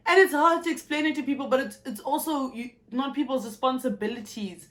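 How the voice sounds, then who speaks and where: A South African woman in her twenties, talking frankly and with profanity in a candid personal vlog, telling her story in an animated way. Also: high voice, brisk, few pauses. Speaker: YouTuber.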